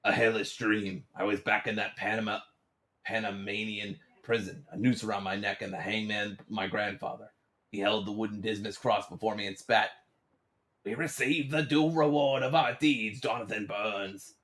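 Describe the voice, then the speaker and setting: A man in a put-on pirate accent voicing a solemn old-time pirate captain as he reads journal entries aloud in a low, formal way. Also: steady tone, fairly bright tone, natural voice. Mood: grave. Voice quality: low, measured and grandly formal.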